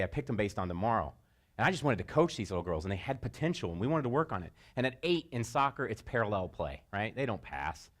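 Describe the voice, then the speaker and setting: A middle-aged man giving a motivational talk to sports parents, telling stories and jumping into high shouted voices for quotes. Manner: animated storyteller, jumps into high-pitched shouted voices for quotes. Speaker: speaker.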